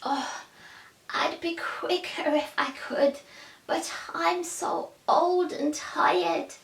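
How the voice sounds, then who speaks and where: A woman voicing a frail, gently teasing old man who speaks mildly and slowly, in an echoey room. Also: extremely high pitch, steady tone, vocal fry, distant mic, voice pushed up, exaggerated voice. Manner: mild, drawn-out, teasing.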